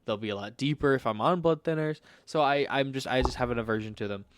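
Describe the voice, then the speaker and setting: A man's voice: medium pitch, fast talker, clear, resonant tone, no room sound. A man co-hosting a podcast in casual chat, blunt and swearing as he tells stories with quoted reactions into a studio microphone. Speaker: podcast co-host.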